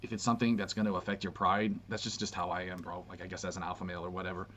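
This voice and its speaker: Deep-voiced brash man, lo-fi clip. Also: flat delivery, racing. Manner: brash, slangy, says "bro" often. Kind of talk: casual rant. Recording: dull lo-fi clip with faint noise.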